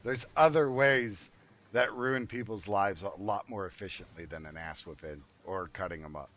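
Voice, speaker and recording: An older man streaming a game tells a long story as he plays, blunt, profane, and rambling. His low voice is steady and a bit bright, moving at a normal speed.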